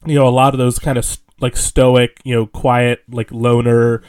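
A man's voice: medium pitch, level tone, normal speed, a little mellow, clean tone. A man co-hosting a casual film chat, rambling with fillers and restarts and laughing often. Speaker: podcast co-host.

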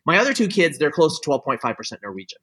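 In a casual chat, a middle-aged man with a fairly high, husky, somewhat bright voice talks at a quick pace with big swings in pitch. He opinionatedly explains his views at length, with looping restarts and lots of "like" and "you know," on a low-quality recording.

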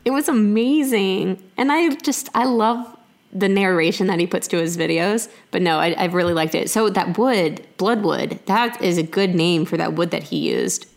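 A woman's voice: on the low side, normal speed, gravelly. Chatty friendly woman co-host. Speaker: podcast co-host. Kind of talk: casual chat.

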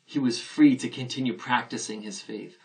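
A man's voice: medium pitch, normal speed, creaky, a little mellow, far from the mic, poor audio. A man preaching a sermon as a pastor, earnest and conversational, posing rhetorical questions to his listeners.

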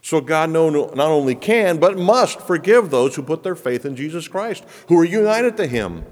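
A man's voice: on the high side, animated, moderate pace, a little mellow. A man preaching a sermon with an emphatic, rising and falling cadence, explaining scripture to a congregation. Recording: long reverb of a large hall.

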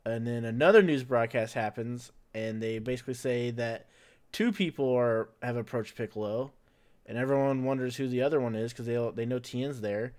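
Podcast host, male, mid-pitched, chatty and loose, laughs easily. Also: steady tone, moderate pace, a little mellow. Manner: chatty, laughs often, fills in with "like" and "uh". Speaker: podcast host recapping an anime episode. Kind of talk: casual podcast recap.

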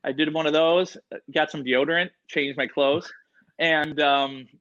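Excitable man with muffled audio. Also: fairly high pitch, measured pace. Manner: excitable, rambling, full of "like" and "you know". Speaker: guest. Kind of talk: casual storytelling.

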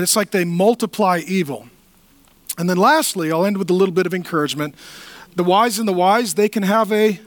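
High-voiced joking pastor, dry sound. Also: male voice, a bit bright, no echo. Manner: conversational, jokey preaching with acted-out quotes. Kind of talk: sermon.

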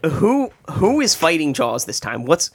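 A man's voice: a little high, big pitch swings, a little slow, gravelly, a little hiss or hum. Teasing man firing off crude questions. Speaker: podcast co-host. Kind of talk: casual chat.

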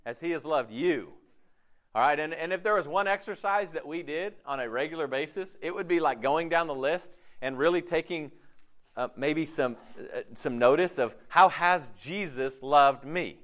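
A man, a pastor, giving a conversational sermon, casual and animated, often acting out quotes in his talk. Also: on the high side, moderate pace.

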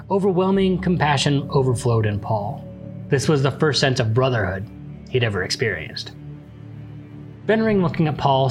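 A man hosting a podcast, retelling a book casually with lively joking asides. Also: fairly high pitch. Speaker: podcast host.

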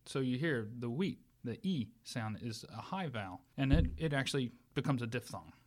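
Male academic guest, eager lecturer, restarts a lot, mid-pitched. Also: lively intonation, moderate pace, a little mellow. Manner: enthusiastic lecturing with many restarts. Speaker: guest expert on English language history. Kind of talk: explanatory academic talk.

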